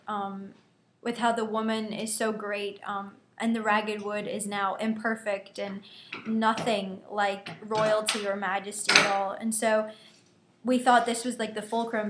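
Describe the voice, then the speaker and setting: A woman's voice: medium pitch, noisy background. A young woman discussing a poem for a class presentation, hesitant with frequent "um"s. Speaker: student analysing a poem. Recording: echoey room.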